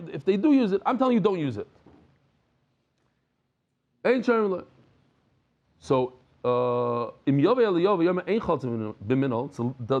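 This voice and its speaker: A man giving a lively Daf Yomi Talmud lesson, dropping Hebrew and Yiddish terms and repeating words as he pushes a point. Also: on the high side, highs cut off. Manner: repeats and restarts words, jokes with listeners.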